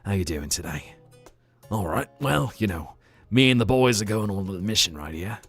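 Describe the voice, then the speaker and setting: A man's voice: on the low side, animated, a little fast, a bit bright, husky, soft background music, full character voice. A man putting on a breezy Australian accent, voicing a cheeky bloke heading off with his mates. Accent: put-on Australian, done badly. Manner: playful, breezy.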